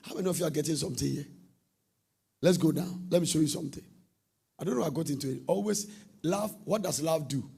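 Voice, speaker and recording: Raspy-voiced preacher, high and gravelly. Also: male voice, fast talker, pauses often. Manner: animated, swings from soft to shouted sing-song. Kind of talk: sermon.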